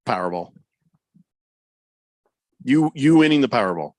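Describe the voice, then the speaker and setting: A man's voice: a little high, big pitch swings, normal speed, a bit bright, no echo. A man hosting sports talk radio in playful, laughing banter with his co-host.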